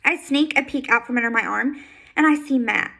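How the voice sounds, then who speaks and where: A woman reading a first-person novel aloud in a soft, steady, intimate way. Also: sits high, brisk, creaky, poor audio. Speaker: audiobook reader.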